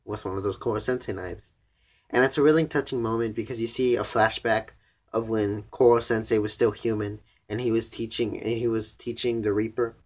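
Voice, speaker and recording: A man's voice: on the low side, steady tone, a little fast, darkish tone. Casual, cursing young man recapping anime. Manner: rambling, profane, heavy use of "like". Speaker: anime reviewer.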